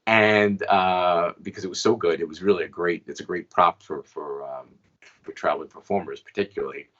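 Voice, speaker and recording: A man's voice: low-pitched, steady tone, fairly quick, fairly bright tone, muffled recording. A man in his fifties telling stories as an interview guest, chatty and often asking "right?" between points. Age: 50s. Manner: chatty, frequent "right?" asides. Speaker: guest magician and inventor. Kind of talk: storytelling interview answers.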